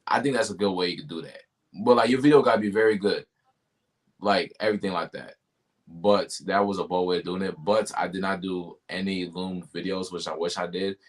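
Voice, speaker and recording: A man's voice: low voice, steady tone, a little fast. A man being interviewed about his sales job, talking casually and animatedly, full of slang like "yo" and "bro". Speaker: guest, tech sales rep.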